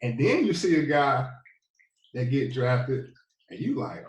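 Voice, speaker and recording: A man in his thirties with a Southern US accent, telling his story in a relaxed, rambling way as a podcast guest. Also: mid-range voice, unhurried, muffled recording. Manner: laid-back, rambling, many fillers. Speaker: podcast guest, former football player. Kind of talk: casual storytelling interview. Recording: echoey, a bit distant from the mic.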